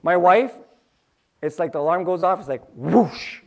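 Man, pastor, sermon, somewhat high voice, animated delivery, repeats lines for emphasis. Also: moderate pace. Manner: animated, acts out little scenes with sound effects.

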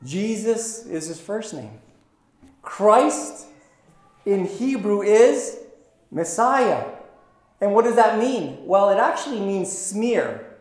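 A man with a high voice preaches a sermon in a chatty, playful way. His voice rings through an echoey room. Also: very animated, takes it slowly, pauses often. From Philippines. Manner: conversational preaching with playful asides. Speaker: pastor.

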